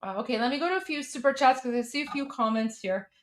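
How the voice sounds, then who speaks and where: A young Iranian woman talks fast in a high voice while hosting a live stream about a hearing. Her reactions are heated and scornful, and she keeps repeating herself to stress her points.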